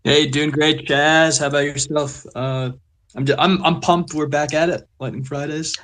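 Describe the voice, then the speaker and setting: A man speaking as a guest in a casual live audio chat, excited and quick. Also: a little high.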